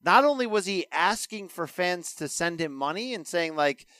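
A man hosting a casual boxing talk show, brisk and jokey, handing off to his co-host by name. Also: sits high, sing-song, fairly bright tone, clear, resonant tone, dry recording.

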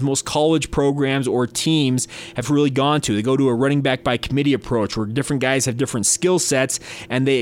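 Casting: male sports podcast host, mid-pitched voice, loose conversational delivery with fillers.

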